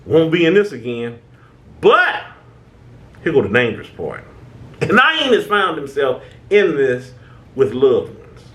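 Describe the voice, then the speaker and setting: A man's voice: on the high side, big pitch swings, a little slow, pauses often, fairly bright tone. A man hosting a self-help talk, speaking conversationally and preachily, with frequent restarts and "right?" checks. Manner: informal American speech, stammering restarts. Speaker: channel host.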